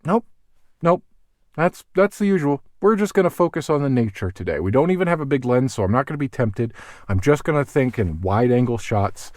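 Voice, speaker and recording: A man's voice: medium pitch, sing-song, fairly quick, a little mellow, dry recording. Chatty man rambling in a vlog. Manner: chatty, self-interrupting, thinks aloud. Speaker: wildlife cameraman vlogger. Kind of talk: casual rambling vlog monologue. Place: in a car, then outdoors in a cold parking lot.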